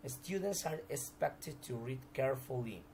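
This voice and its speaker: A man's voice: mid-range voice, expressive, moderate pace, a little mellow, slight background noise, rough recording. A man teaching a recorded grammar lesson, explaining examples step by step with frequent restarts.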